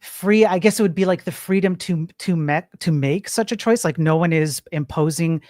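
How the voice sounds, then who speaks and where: A man's voice: fairly high pitch, moderate pace, darkish tone, no room sound. Casting: nerdy male debater, hesitant, dry close mic. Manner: hesitant, self-described nerd, restarts. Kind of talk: online debate.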